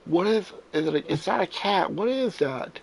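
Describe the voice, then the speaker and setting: A man's voice: high-pitched, expressive, moderate pace, gravelly, breathy edge, low-quality recording. A man in his twenties hosting a gaming stream, telling long rambling stories with lots of swearing and self-corrections. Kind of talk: casual storytelling chat.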